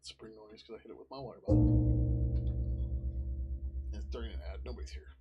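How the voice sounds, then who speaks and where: A man streaming live as a software developer, rambling casually with lots of ums as he thinks aloud over his work. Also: lowish voice, fairly even intonation, fairly quick, highs cut off, loud music behind the voice. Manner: rambling, many ums, muttering to himself. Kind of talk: casual thinking-aloud commentary while coding.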